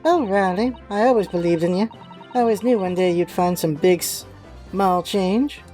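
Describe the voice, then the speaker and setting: A woman's voice: fairly low pitch, normal speed, warm tone, faint music behind, natural voice. A woman voicing a swooning young woman who dotes on her sweetheart, gushing and adoring.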